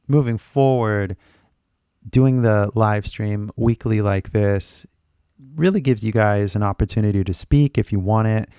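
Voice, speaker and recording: A man's voice: lowish voice, vocal fry, a little mellow, clean tone, no room sound, clean studio sound. A man who teaches English, talking loosely in a live-stream lesson with a slight American accent, full of "like" and "right?" and switching into Japanese now and then. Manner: loose and chatty, mixes Japanese into his English; filler-heavy, lots of "like" and "right?".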